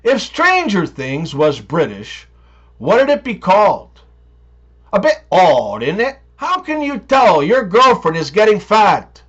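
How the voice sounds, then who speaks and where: A man telling jokes and short comic stories in a sarcastic, lively way, shifting his voice for the characters. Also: sits high, slow, slightly rough, highs cut off. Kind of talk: joke telling.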